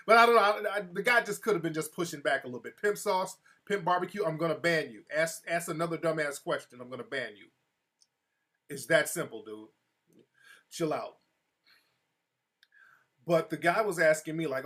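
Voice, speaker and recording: A man's voice: fairly high pitch, moderate pace, long pauses, pushed and bright. A man hosting his own live show, telling a story in a loose, streetwise manner and breaking off to answer chat comments. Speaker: show host. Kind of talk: casual live-show monologue.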